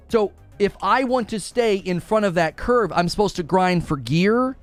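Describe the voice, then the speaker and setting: A man's voice: high voice, expressive, normal speed, few pauses, faint music behind. A man ranting sarcastically in a video commentary about a game, exasperated and mocking. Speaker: gaming commentator.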